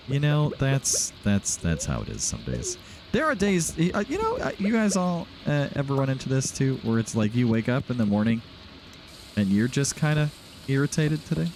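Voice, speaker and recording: A man's voice: mid-range voice, noisy background. A man hosting a casual, rambling video game playthrough, chatting and laughing often as he plays at home. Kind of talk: casual gameplay commentary.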